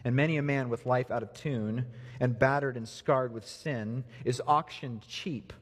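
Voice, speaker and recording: Male pastor, sermon, husky voice, earnest, soft lows and lifted emphasis, long church reverb. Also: measured pace. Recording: reverberant hall.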